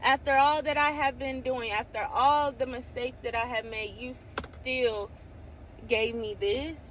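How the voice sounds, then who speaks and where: Excitable woman sharing a faith testimony. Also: on the high side, measured pace, slight background noise. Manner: excitable, exclaims "What?" often, reads scripture aloud. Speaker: faith vlogger. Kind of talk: casual testimony to camera.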